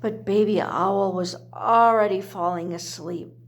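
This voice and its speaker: A woman's voice: mid-range voice, steady tone, measured pace, vocal fry. A woman reading a children's picture book aloud, adding chatty asides about the pictures. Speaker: storyteller.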